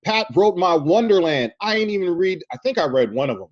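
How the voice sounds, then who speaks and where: Profane man, a bit high, lo-fi sound. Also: animated, fairly quick. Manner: loose, profane, laughing banter. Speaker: comics writer and editor, podcast guest. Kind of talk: casual podcast chat.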